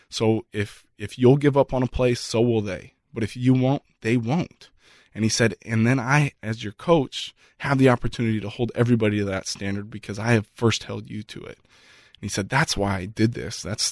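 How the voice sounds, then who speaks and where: Earnest, halting man with a low voice. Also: no room sound, studio quality. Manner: earnest, halting with repeated restarts. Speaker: guest. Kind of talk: reflective storytelling in conversation.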